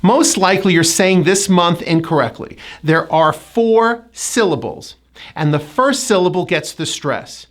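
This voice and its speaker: This woman's voice is lowish and animated as she coaches pronunciation in an American accent. Her lesson is slow and exaggerated, each sound drawn out and words repeated carefully in drills.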